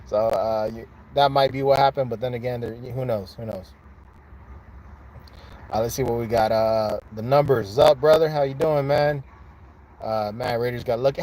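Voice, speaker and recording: A man's voice: mid-range voice, moderate pace, a little mellow. A man hosting a casual live chat from his phone, talking straight to his viewers with a lot of swearing. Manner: profane, frustrated then hyped, addresses viewers directly. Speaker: livestream host. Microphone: phone held in hand.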